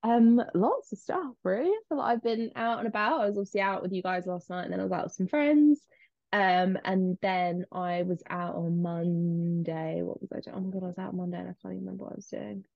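Fast-talking gossipy young woman. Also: on the low side, vocal fry, no echo. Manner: chatty, gossipy, quick with fillers. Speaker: podcast co-host. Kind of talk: casual chat. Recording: slightly dull, lo-fi sound.

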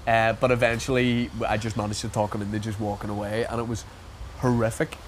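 A man's voice: lowish voice, level tone, quick pace, a little hiss or hum. A man telling a rambling, self-interrupting anecdote in casual chat, acting out the voices of the people in it.

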